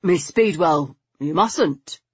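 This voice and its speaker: A woman voicing a smooth, charming gentleman. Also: sits high, expressive, unhurried, dry recording, dull audio, full character voice. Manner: smooth, coaxing, courteous. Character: charming, flirtatious man, enthusiastic about antiquities.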